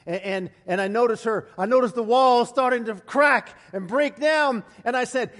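A man delivers a storytelling sermon in a high-pitched voice, animated and full of stammered restarts. His words ring out through a long hall reverb. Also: moderate pace. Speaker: preacher.

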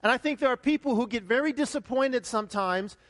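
A male pastor preaching a sermon in an animated way, often repeating his words and acting out highs and lows with exclamations. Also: brisk. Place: church sanctuary. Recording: long hall reverb.

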